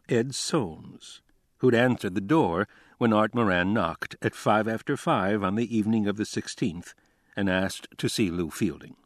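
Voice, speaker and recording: Expressive male audiobook narrator. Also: deep voice, no echo, clean studio sound. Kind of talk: scripted narration.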